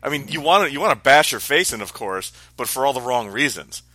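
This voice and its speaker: A man's voice: medium pitch, lively intonation, brisk, bright, forceful tone, no room sound. A man chatting casually about TV episodes with a co-host, wry and mildly critical. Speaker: podcast co-host. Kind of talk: casual TV recap chat.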